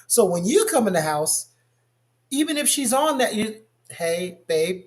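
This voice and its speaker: A man chatting in a casual discussion, telling stories with animated asides. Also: very high-pitched, moderate pace. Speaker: co-host.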